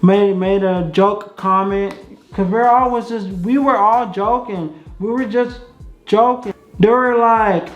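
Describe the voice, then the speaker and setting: A woman's voice: medium pitch, measured pace. A young woman vlogger telling a casual story, chatty and repetitive with many fillers. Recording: echoey room, dull sound, faint music.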